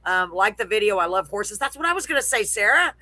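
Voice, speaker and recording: A woman from Texas, faint drawl still in her vowels, hosts a live web radio chat show. She gushes and laughs as she talks, in a bright, forward voice. The sound is dry and close, with no room around it. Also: mid-range voice, big pitch swings, fast, dry recording. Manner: gushing, laughing, chatty. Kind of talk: casual chat.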